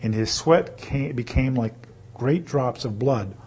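A man reading scripture aloud and teaching on it, pausing to ask his listeners rhetorical questions. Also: mid-range voice, a little mellow, slightly rough. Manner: reads slowly, then explains with rhetorical questions. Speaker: Bible teacher.

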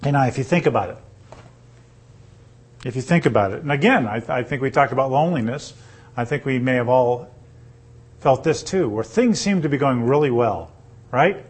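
Husky man reading and teaching scripture. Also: mid-range voice, expressive. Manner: reads slowly, then explains with rhetorical questions. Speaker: Bible teacher.

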